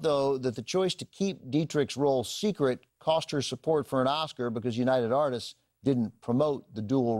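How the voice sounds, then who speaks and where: A man introduces a classic film in a measured, informative way, reading down lists of titles. His voice sits in a middle register. The studio sound is dry and close. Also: mid-range voice, a little mellow, dry recording. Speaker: classic film channel host.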